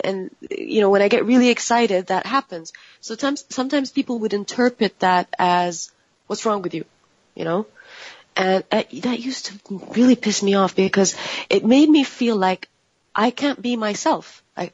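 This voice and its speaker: Expressive woman on muffled audio. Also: medium pitch, no room sound. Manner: expressive, intense, with frequent restarts. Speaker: panel co-host. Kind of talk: casual group discussion. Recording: dull lo-fi audio.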